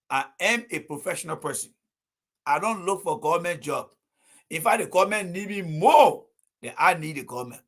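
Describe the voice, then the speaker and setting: A man holds forth on a livestream, preaching his political views with insistent repetition. His voice sits high and carries a forceful, pushing edge. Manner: emphatic, preachy, repeats points. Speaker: political commentator.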